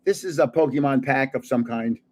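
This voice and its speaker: Chatting casually while he opens card packs, an older livestream host keeps chuckling at his own guesses of card names. He talks briskly in a medium-pitched, slightly mellow voice.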